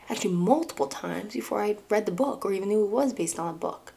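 A woman's voice: mid-range voice, normal speed, creaky, hardly any pauses, warm tone. A young woman with a New York accent hosting a casual podcast, chatting about a book and its film with asides to her listeners. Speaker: podcast host.

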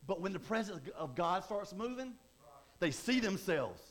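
A man's voice: sits high, sing-song, moderate pace. A man preaching a sermon in a conversational way, often repeating and restarting words. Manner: repetitive, stammering restarts, conversational.

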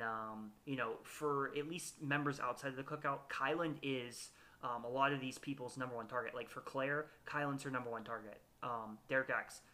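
A man hosting a relaxed recap podcast, his voice bright and clear in the middle of his range. He talks casually and hesitantly, full of ums and self-corrections. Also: mid-range voice. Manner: hesitant, lots of fillers and restarts. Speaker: podcast host. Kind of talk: casual reality-show recap chat.

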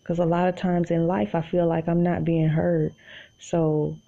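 A woman's voice: lowish voice, flat delivery, a little slow, gravelly, mellow, lo-fi sound. A woman from Tulsa with an Oklahoma accent, chatting casually to her podcast listeners from her bed and calling them y'all. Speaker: podcast host. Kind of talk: casual solo monologue.

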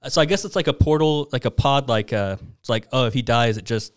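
A young man casually telling a long story in an animated, giggly way with lots of fillers. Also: medium pitch, a little fast. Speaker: podcast co-host.

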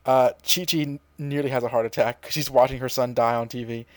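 A young man co-hosting a podcast, rambling through a casual episode recap and slipping into quick impressions of characters. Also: mid-range voice, fairly even intonation, no room sound. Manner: rambling, mimics characters' lines in quick voices. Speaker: podcast co-host.

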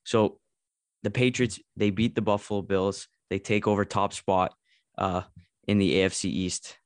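A man's voice: on the low side, level tone, normal speed, smooth, no echo. A man from Canada hosting a sports podcast, easygoing and steering the talk with questions. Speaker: podcast host. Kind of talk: casual sports chat.

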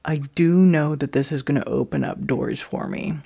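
A woman speaking in a confessional personal vlog, her voice gravelly with constant vocal fry. She talks emotionally and openly, swearing freely and filling her thoughts with "like" and "you know what I mean". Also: low voice, moderate pace, dark tone.

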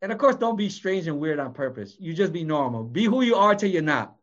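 Passionate high-voiced male preacher. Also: very animated, a little fast, muffled recording. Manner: passionate, swings from shouting to hushed. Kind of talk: sermon.

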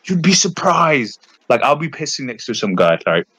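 A young man, chatting on a podcast in a rambling, animated way, full of fillers and restarts. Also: medium pitch, normal speed, a crowd in the background, poor audio. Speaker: podcast co-host. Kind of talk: casual chat.

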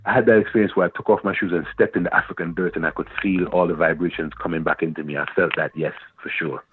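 A man in his fifties from Antigua tells stories as a radio interview guest, repeating himself with animated energy. His voice is low and husky. It comes through a dry, narrow phone-like line. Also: fast. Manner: animated storyteller, repeats words and phrases. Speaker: guest poet.

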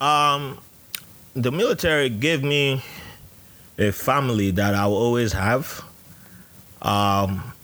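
A man from Nigeria in his thirties, speaking. He tells his stories in an animated way and acts out the other people's voices. His voice sits at a medium pitch. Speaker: podcast guest. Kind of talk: casual interview storytelling.

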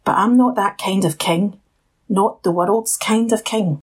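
A woman voicing Jesus, calm and solemn, speaking slowly and quietly with a husky tone in a Bible story reading. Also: mid-range voice.

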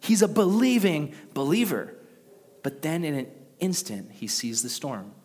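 A man preaching a sermon in a casual, conversational and animated way. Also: a little high, a little slow. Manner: conversational, animated, with acted quotes. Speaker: pastor. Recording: long reverb of a large hall.

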